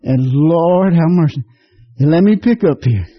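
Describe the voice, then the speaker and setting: Fervent preacher on lo-fi radio. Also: male voice, expressive, unhurried. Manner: folksy, fervent preaching with sudden rises in pitch. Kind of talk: sermon. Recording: dull lo-fi radio broadcast.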